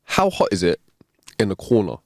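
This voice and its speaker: A man's voice: lowish voice, big pitch swings, normal speed, no echo, clean studio sound. A man co-hosting a casual chat, telling jokes and breaking into laughter. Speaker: podcast co-host.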